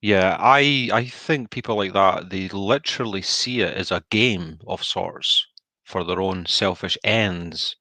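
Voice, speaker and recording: A man co-hosting a casual chat, speaking in a measured, supportive way with short affirmations. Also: low-pitched, sharp tone, no room sound.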